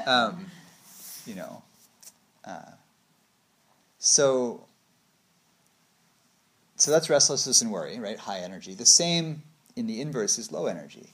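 A man's voice: takes it slowly, pauses often. A man in his thirties giving a casual meditation talk, acting out little quotes with big swings of voice. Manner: animated storytelling, acts out quotes with big pitch swings. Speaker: meditation teacher.

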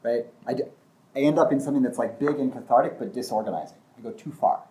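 A man explains ideas in a loose, conversational teaching talk. His voice is mellow and warm at a middle pitch. He restarts sentences often and acts out brief examples as he goes. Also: quick pace.

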